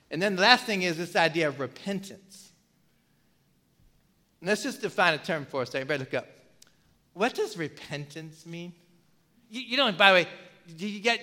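Bright, high-voiced man preaching in a hall. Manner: conversational, asks the congregation questions, repeats words. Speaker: pastor. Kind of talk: sermon. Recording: long reverb of a church hall.

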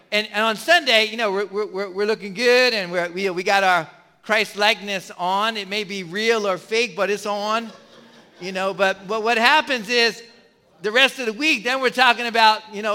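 A male pastor preaching a sermon with passion, often asking the congregation rhetorical questions and swinging between loud and soft. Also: high-pitched, smooth. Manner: passionate, varies loudness a lot, rhetorical questions.

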